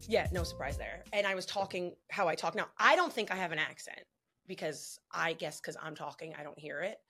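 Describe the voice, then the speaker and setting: A young woman hosts a podcast with a strong New Jersey accent, talking loud and quick and teasing her guest. Her voice sits a little low for a woman. Faint music runs underneath. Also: husky. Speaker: podcast host. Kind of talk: casual chat.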